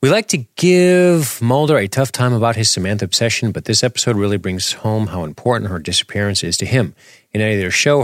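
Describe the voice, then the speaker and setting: A man's voice: on the low side, no room sound, clean studio sound. A man co-hosting a casual commentary podcast, rambling and searching for words as he talks. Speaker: podcast co-host.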